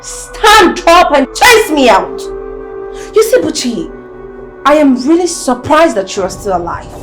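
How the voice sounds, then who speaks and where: A Nigerian woman playing a cruel, scheming young wife who taunts her victims in a drawn-out, mocking way. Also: sits high, very animated, music in the background. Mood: gloating. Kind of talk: Nollywood film acting.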